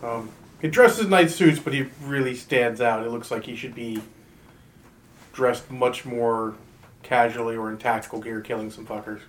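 A man's voice: mid-range voice, normal speed, a little hiss or hum. A man running a tabletop role-playing game, narrating scenes casually with joking asides. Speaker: game master.

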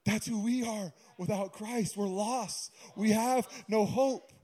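Guy preaching a sermon, kinda high voice but warm, chatty and jokey. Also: slow pace. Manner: conversational preaching with humorous asides. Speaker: pastor.

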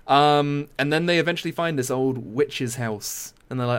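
A young man from Britain chatting casually, retelling a film scene with lively impressions. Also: medium pitch, normal speed, hardly any pauses, clear, resonant tone. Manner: animated storytelling with impressions. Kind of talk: casual chat.

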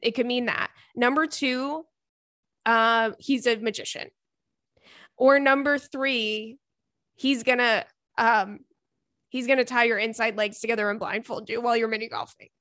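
A young woman hosting a casual podcast, telling dating stories and reading a listener's letter in an animated, giggly way. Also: a little high, unhurried, no echo, studio quality. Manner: animated, giggly storytelling with frequent fillers. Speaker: podcast host.

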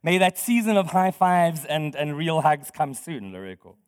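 A pastor preaching a sermon in a conversational way, quizzing the congregation and laughing often. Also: male voice, a little high, big pitch swings, moderate pace, smooth. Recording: long hall reverb.

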